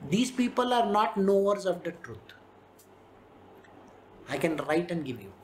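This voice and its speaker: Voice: medium pitch, sing-song, unhurried, a little mellow, slight background noise. A spiritual teacher with an Indian English accent giving a conversational devotional talk on scripture, slipping into playful voices for quotes. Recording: roomy echo.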